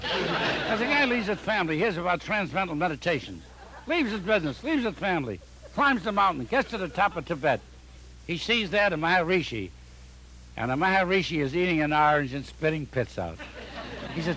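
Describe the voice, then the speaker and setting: An older male comedian rattling off one-liners in a punchy, deadpan joke-telling style. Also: high voice, slight background noise, low-quality recording. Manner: punchy deadpan joke delivery with quick setups. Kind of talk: rapid-fire one-liner joke recording.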